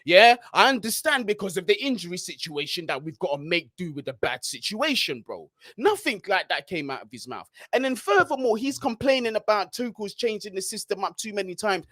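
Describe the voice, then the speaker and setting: A man's voice: sits high, sing-song, fairly quick, hardly any pauses, fairly bright tone, no echo, clean studio sound. A man hosting a casual football chat, fired up and slangy, often asking "yeah?". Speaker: host.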